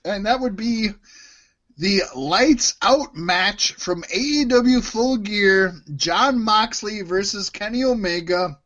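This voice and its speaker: A man's voice: high voice, animated, slow pace, a bit bright, highs cut off. A man co-hosting a wrestling podcast, chatting casually and bluntly, with frequent swearing. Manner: opinionated, swears, restarts sentences. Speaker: podcast co-host. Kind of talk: casual chat.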